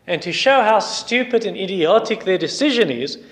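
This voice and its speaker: A man's voice: sits high, lively intonation, normal speed. A male preacher delivering a sermon and retelling a story in an emphatic way. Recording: long hall reverb.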